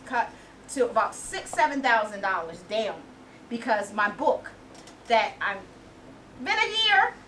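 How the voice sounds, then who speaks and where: A woman in her late forties sharing an animated, laughing testimony at a women's conference. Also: a little high, measured pace, long pauses. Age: 40s. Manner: animated storytelling, laughing and exclaiming. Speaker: inspirational speaker. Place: conference venue with a small audience. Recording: distant mic with faint audience and room noise.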